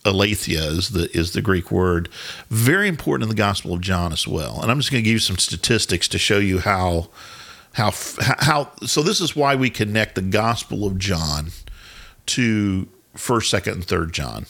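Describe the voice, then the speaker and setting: A man with a low, gravelly voice walks through scripture with his podcast co-host. He explains patiently and conversationally, often breaking off and restarting his sentences, and stops now and then to put a question to his partner. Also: expressive, normal speed, fairly bright tone. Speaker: podcast co-host teaching Bible. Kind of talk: casual teaching chat.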